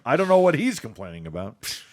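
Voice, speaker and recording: A man's voice: mid-range voice, big pitch swings, brisk. A man in his forties co-hosting a podcast, chatting casually, laughing often and acting out quotes. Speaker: podcast co-host. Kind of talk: casual chat.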